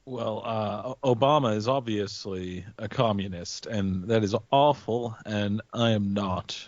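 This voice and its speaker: Deadpan low-voiced podcast guy. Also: unhurried, no room sound, lo-fi sound. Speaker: podcast co-host. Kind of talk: comedic podcast banter.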